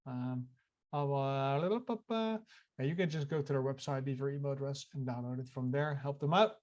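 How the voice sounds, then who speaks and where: A man co-hosts a casual podcast, joking around and reading text aloud while often stumbling over and repeating his words. His medium-pitched voice is a little mellow and moves at a moderate pace. The recording has its highs cut off.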